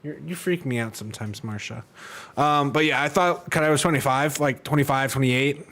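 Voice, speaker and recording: Male streamer for casual reaction commentary: loose, rambling, average pitch. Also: moderate pace, a bit bright. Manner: rambling, laid-back, sprinkled with fillers. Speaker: streamer reacting to his own podcast.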